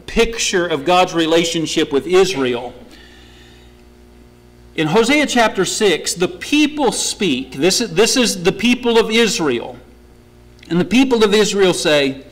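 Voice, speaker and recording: A man's voice: sits high, a bit bright, poor audio. A man preaching a sermon in a church, earnest and questioning his listeners. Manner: earnest, asks the congregation questions.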